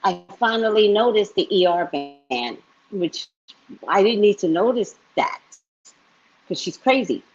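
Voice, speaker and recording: A woman psychic reader telling a story to her live-stream viewers in a casual, animated way, often tagging lines with "right?". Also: medium pitch, unhurried. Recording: dull lo-fi stream audio.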